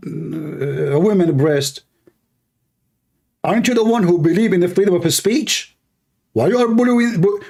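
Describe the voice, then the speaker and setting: A man's voice: fairly high pitch, gravelly, a little mellow. A man streaming live commentary, taunting and insulting his opponents in broken English. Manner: taunting, insulting, non-native grammar. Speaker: online debate streamer.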